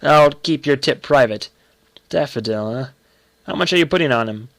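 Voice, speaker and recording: A man's voice: medium pitch, lively intonation, moderate pace, fairly bright tone, dry recording. A man playing a jovial, teasing middle-aged uncle with a bluff, laughing manner. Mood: amused.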